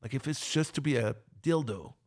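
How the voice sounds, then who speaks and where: A man's voice: mid-range voice, normal speed. A man in his forties from France with a French accent, telling casual stories as an interview guest, cursing freely and acting out what others said. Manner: swears a lot, animated retelling with quoted voices. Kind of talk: casual storytelling.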